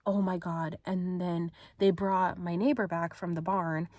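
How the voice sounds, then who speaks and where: Low-voiced woman rambling through a story. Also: steady tone, measured pace, a little mellow, no room sound. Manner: rambling, heavy use of "like", acts out quotes. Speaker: vlogger. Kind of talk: casual storytelling.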